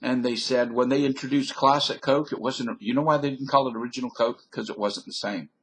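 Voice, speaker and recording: A man's voice: mid-range voice, steady tone, brisk, a bit bright, slight background noise. An older man, rambling folksy to his webcam with jokes and digressions. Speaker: vlogger. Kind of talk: rambling monologue to camera.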